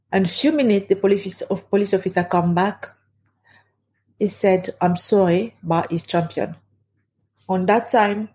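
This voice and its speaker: A grieving middle-aged woman giving personal testimony in halting English with non-native grammar. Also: medium pitch, warm tone. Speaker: bereaved mother.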